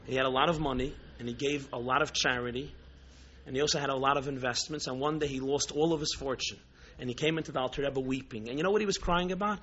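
A man's voice: medium pitch, fast talker, fairly bright tone, dull audio, a little hiss or hum. A man, a Jewish religious teacher, giving a sermon with a story, impassioned and full of rhetorical questions.

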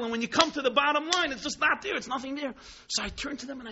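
A man telling a story in a sermon, dramatic, swinging between hushed tones and exclamations, mixing in Hebrew and Yiddish terms. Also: very high voice, lively intonation, a little fast. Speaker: rabbi teaching Chassidus. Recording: dull lo-fi recording.

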